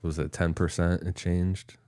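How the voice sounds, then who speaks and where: A male podcast co-host with an extremely low, dark, mellow voice, recorded dry and close. He relays the facts plainly and chats easily with the others. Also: flat delivery, a little slow, smooth, no room sound. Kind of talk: casual podcast chat.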